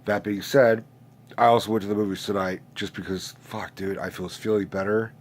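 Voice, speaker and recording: A man's voice: lowish voice, flat delivery, normal speed. A man in his late twenties who sounds stuffed up from a sinus infection, hosting a casual, profane, rambling rant with many restarts. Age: late 20s. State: congested, stuffed-up nose. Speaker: host.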